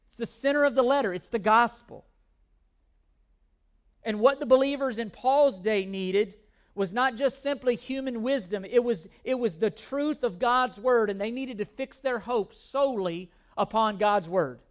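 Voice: mid-range voice, unhurried. Brief: pastor in mid-sermon, emphatic, hammers key words, jokes at own expense. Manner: self-deprecating humor.

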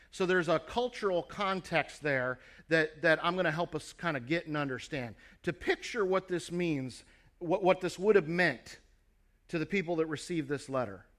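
A man's voice: a little high, fairly bright tone. Earnest male preacher telling a story. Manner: earnest storytelling, addressing listeners directly. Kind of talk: sermon.

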